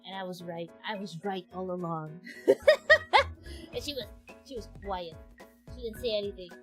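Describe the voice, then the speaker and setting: A woman's voice: fairly low pitch, normal speed, darkish tone, faint music behind, poor audio. A young woman, a doctor chatting casually on stream and rambling through a story with many restarts.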